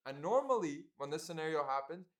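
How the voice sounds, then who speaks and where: A man co-hosting a podcast, telling a story in casual, animated chat full of swearing. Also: on the high side, a little fast, reverberant. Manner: animated, swearing, tells stories. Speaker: podcast co-host.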